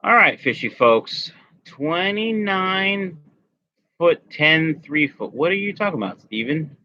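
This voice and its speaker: Chatty bright-voiced man hosting a live stream. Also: fairly high pitch, sing-song, takes it slowly, highs cut off. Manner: chatty, jokey, greets viewers by name. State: has a migraine. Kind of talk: casual live stream chat reading comments.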